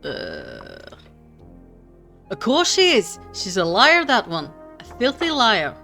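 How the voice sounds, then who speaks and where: A woman voicing a gruff, bitter male dwarf agitator in a put-on accent. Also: mid-range voice, wildly swooping pitch, slow, sharp tone, soft background music, exaggerated voice. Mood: scornful.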